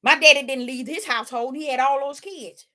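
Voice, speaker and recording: A woman's voice: high voice, fairly quick, pushed and bright. A woman preaching informally, emphatic and rhetorical, with folksy dialect and phrases repeated for emphasis.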